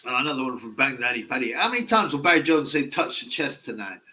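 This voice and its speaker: A man's voice: medium pitch, lively intonation, fast talker, pushed and bright, rough recording. A man giving casual live-stream boxing commentary, blunt, mocking and opinionated.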